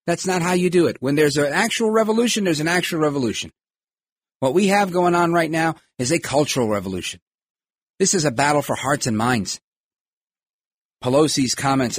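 A man's voice: on the high side, expressive, a little fast, slightly rough, no room sound. A man hosting a podcast, giving emphatic political commentary and acting out quoted voices. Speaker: podcast host.

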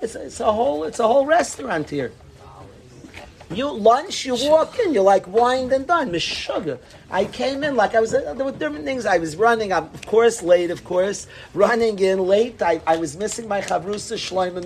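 A man with a high voice teaches a casual Torah class, bubbling with enthusiasm. His pitch jumps around a lot, and he drops Yiddish and Hebrew words into his English. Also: a little hiss or hum.

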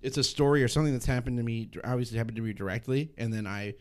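A man's voice: mid-range voice, steady tone, very fast, clear, resonant tone. Rambling male stand-up comedian chatting. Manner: rambling, self-interrupting, swears casually. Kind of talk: casual podcast conversation.

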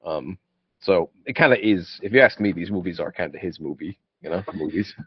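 A man's voice: deep voice, animated, a little fast, husky, no echo, lo-fi sound. A man co-hosting a casual movie podcast, laughing often and making jokey asides. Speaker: podcast co-host.

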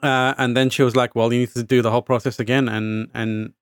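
Animated man telling a story, dry sound. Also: mid-range voice, fast, clear, resonant tone, dry recording. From United Kingdom. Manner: animated storyteller, acts out quoted voices, swears, frequent fillers. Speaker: podcast co-host telling a story. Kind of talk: casual storytelling chat.

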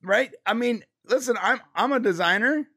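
A man's voice: very high voice, normal speed, breathy edge. A man co-hosting a live show, chatting casually with many restarts and laughs. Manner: animated, restarts a lot, laughs. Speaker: co-host of a live pop culture show. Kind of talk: casual chat.

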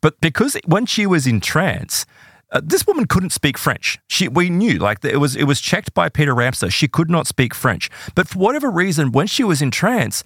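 Animated man telling a story. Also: normal speed, no room sound, clean studio sound. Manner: animated, acts out quoted voices with big pitch jumps. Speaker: podcast guest telling case stories. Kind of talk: casual storytelling conversation.

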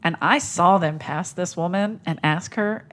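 A woman's voice: fairly low pitch, measured pace. A woman comedian with a Philadelphia accent, telling stories bluntly and with some profanity in casual podcast chat. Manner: animated storyteller, profane and blunt. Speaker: comedian guest.

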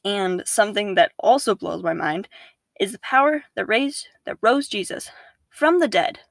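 A young woman, a podcast guest, talking casually about faith, animated, laughing often and acting out her own inner voices. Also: medium pitch, moderate pace, creaky, dry recording.

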